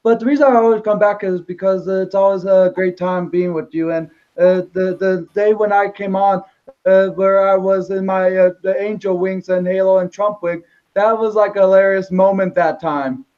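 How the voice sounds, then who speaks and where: A man's voice: sits high, steady tone, moderate pace. A man joining a live stream as a guest, chatting in an easygoing way with many hesitations. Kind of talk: casual chat over a call. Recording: muffled call audio.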